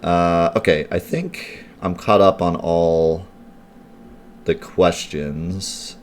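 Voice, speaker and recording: A man with a very low voice rambles casually through live gameplay commentary, answering his chat as he goes. His talk is loose and full of "like" and "um" fillers, with a faint hiss of noise under it. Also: drawn-out words. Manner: chatty and rambling, answering chat questions, heavy on "like" and "um". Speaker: let's play streamer.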